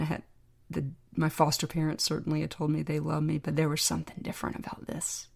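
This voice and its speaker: A woman, a podcast guest, telling a personal story in a reflective, heartfelt, measured way. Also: deep voice, completely flat delivery, creaky, a little mellow, breathy edge.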